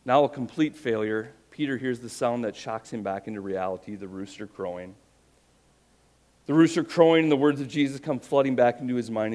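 Middle-aged man preaching a lively sermon. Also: mid-range voice, normal speed. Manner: animated storytelling, voices quotes with rising emphasis. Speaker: pastor.

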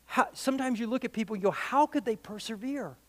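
A middle-aged man preaching a sermon as pastor, conversational and animated, full of rhetorical questions. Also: extremely high pitch, fast.

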